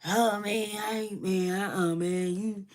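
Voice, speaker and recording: A woman's voice: medium pitch, steady tone, unhurried, darkish tone, close to an everyday voice. Woman playing a resentful drunk man, bitter and dismissive.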